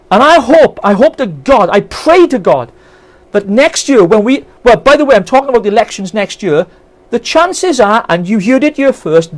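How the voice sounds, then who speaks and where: Fervent Welsh man, high lively voice. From Wales. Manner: fervent, indignant, rhetorical questions. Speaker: political campaigner streaming live. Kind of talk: impassioned live-stream rant.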